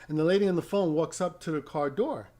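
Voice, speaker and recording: A man's voice: on the high side, fast talker, a little mellow. A middle-aged man, a rideshare driver and vlogger, casually telling a story to camera, rambling and correcting himself with small chuckles. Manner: rambling, self-correcting, chuckles at own stories.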